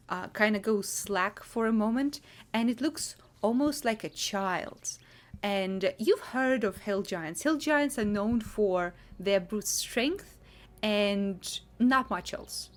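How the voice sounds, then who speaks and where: A woman narrating a tabletop role-playing game as game master, describing scenes in a measured way with frequent fillers. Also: medium pitch.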